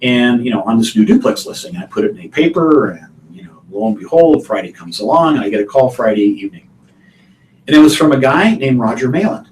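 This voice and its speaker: A man's voice: mid-range voice, animated, brisk, darkish tone, echoey room, slight background noise, rough recording. A male real estate instructor telling a folksy story in a live online class. He chuckles often and fills his talk with you-knows and uhs. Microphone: computer mic on a video call.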